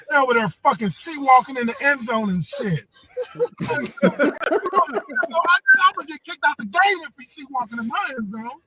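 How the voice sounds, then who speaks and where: Excitable, high-voiced man on a noisy stream, very animated. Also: moderate pace, pauses often. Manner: excited, loud, swearing, laughing. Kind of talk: casual livestream chat, reacting to a football clip.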